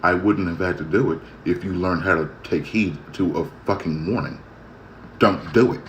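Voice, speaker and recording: A man talking straight to the camera in a casual vlog, venting his annoyance in a heated, repetitive way that swings from loud to quiet. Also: low-pitched, moderate pace, lo-fi sound, a little hiss or hum. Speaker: vlogger. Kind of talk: casual ranting monologue.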